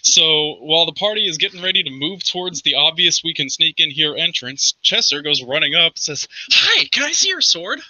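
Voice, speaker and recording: A man casually retelling a tabletop game session, animated and rambling with frequent restarts, over a video call. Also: a little high, fairly quick, hardly any pauses, no echo, low-quality recording. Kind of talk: casual storytelling chat.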